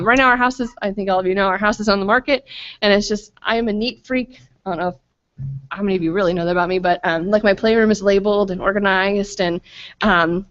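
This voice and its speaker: A woman's voice: medium pitch, a bit bright. A woman in her thirties speaking at a family retreat, chatty and self-deprecating, full of fillers and asides. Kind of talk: casual faith talk with stories. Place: school retreat hall. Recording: slightly muffled lo-fi recording.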